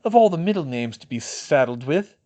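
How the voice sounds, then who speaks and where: A man voicing an injured young father who speaks gruffly and under strain. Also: on the high side, expressive, brisk, a little mellow, close to an everyday voice. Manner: growling, strained.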